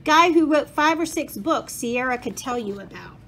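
A casual schoolboy talks in an offhand, matter-of-fact way, read by a woman. Her voice stays fairly high. There is faint hiss behind it. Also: animated, moderate pace, fairly bright tone.

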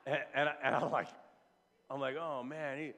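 Animated man preaching in a reverberant church. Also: mid-range voice, normal speed. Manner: animated storytelling, repeats words when building up. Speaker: pastor. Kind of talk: sermon. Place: church sanctuary. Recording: long reverb in a church hall.

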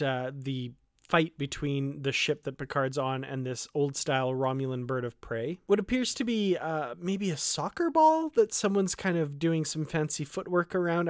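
A man with a fairly high voice gives casual, unscripted commentary on a trailer for his fan channel. He thinks aloud, often pausing with fillers and restarting sentences. The recording is close and dry. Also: dry recording.

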